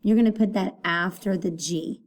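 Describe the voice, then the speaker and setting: A woman's voice: mid-range voice, steady tone, moderate pace. A woman teacher giving a recorded phonics lesson for young children, patiently repeating words to sound them out. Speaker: elementary school teacher.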